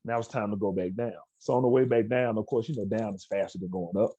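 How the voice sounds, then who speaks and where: A man's voice: lowish voice, fast talker, mellow, husky, dry recording, lo-fi sound. Man telling a story on a video call. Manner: storytelling, acts out quoted dialogue. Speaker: keynote speaker. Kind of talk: motivational talk to students over video call. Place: indoors at an outdoor education center.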